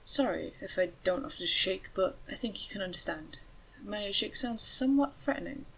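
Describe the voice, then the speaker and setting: A woman voicing a calm, wry male talking rattlesnake in a storybook reading, speaking in a matter-of-fact way. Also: medium pitch, moderate pace, gravelly, slightly rough, full character voice, poor audio. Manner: matter-of-fact, dryly joking.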